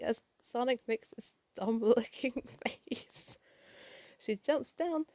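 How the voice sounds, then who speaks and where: A woman's voice: on the high side, a little mellow, no room sound. A woman narrating a comic book issue in a chatty, casual way, with swearing, fillers and side remarks. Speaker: comic reader.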